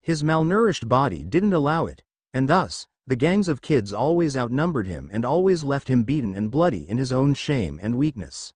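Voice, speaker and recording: A man's voice: medium pitch, sing-song, normal speed, few pauses, a little mellow, slightly rough, dry recording. Man narrating a fan fiction story.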